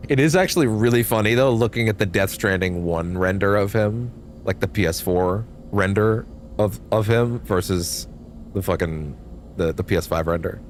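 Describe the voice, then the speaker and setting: A man's voice: lowish voice, moderate pace, slight background noise. A young man giving casual, rambling commentary while streaming a game, swearing offhandedly.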